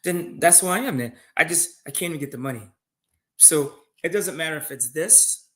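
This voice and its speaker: A man's voice: fairly high pitch, normal speed. A man giving casual advice on loans and side businesses in a live conversation, telling stories with many restarts. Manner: animated storytelling, many restarts. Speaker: guest finance speaker.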